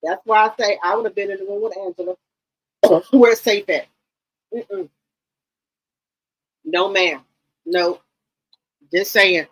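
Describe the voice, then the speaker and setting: A woman's voice: medium pitch, lively intonation, a little slow, pauses often, fairly bright tone, highs cut off. A woman giving blunt, profane commentary on a reality show, questioning everything on a casual livestream.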